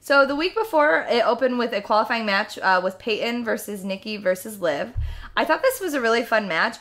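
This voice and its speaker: A young woman with a Midwestern accent co-hosts a casual podcast. Her voice sits a little high and bright, and it swings widely as she tells gossipy stories. She giggles often. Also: expressive, brisk. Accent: Midwestern American. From Michigan. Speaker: podcast co-host. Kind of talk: casual chat.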